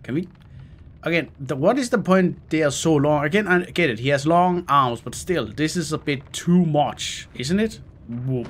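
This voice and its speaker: A man's voice: fairly high pitch, normal speed. A man with a Scandinavian accent, a gaming host muttering, groaning and swearing through a horror let's play. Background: game music.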